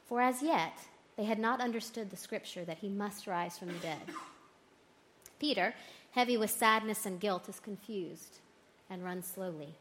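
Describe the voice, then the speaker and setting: A woman reading a gospel passage aloud and reflecting on it, slow and expressive, lifting her voice for the quoted lines. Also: mid-range voice, slight background noise. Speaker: scripture reader.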